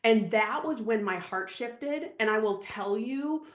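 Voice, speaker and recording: Podcast guest, woman in her thirties from Minnesota; lively storyteller with a higher voice, recorded with room echo. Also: unhurried. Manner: animated, laughing, breathless storyteller. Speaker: podcast guest, real estate agent. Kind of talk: casual storytelling interview. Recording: roomy echo.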